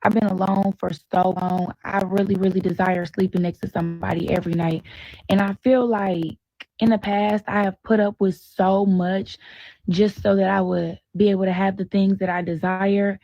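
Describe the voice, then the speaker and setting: A woman's voice: mid-range voice, level tone, normal speed, warm tone, no echo. Earnest woman confiding on a dull recording. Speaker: single mother. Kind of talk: emotional confessional vlog.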